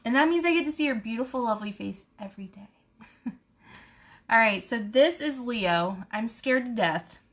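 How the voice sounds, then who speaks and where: A woman, hosting a casual live stream and telling stories in an animated, chatty way. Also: a little high, normal speed. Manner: chatty, animated storytelling with laughs. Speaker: beauty vlogger host. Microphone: camera mic on a live stream.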